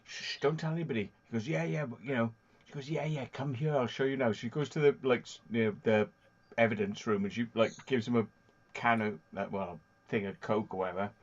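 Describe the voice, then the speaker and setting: A man's voice: medium pitch, a little fast. A man chatting casually as a podcast host, retelling movie scenes with lots of animation. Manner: animated storytelling, acting out film scenes. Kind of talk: casual chat. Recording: dull lo-fi audio.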